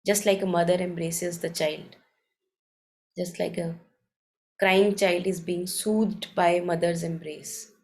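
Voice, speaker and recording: Calm gravelly-voiced woman. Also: on the low side, poor audio. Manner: calm, unhurried, thoughtful. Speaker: meditation session leader. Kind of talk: reflective reading and commentary.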